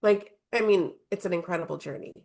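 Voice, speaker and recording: A woman's voice: lowish voice, a little fast, vocal fry, darkish tone. A woman hosting a podcast who asks probing follow-up questions and affirms her guest. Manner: probing, supportive interviewer. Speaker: podcast host. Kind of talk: casual interview.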